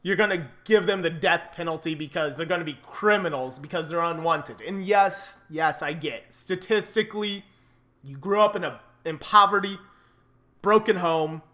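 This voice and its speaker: A man hosts his own political commentary show with an indignant, emphatic delivery, hammering points home by saying them twice. His voice sits fairly high. The sound is thin and tinny, as if it came over a phone line. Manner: indignant, emphatic, repeats for stress.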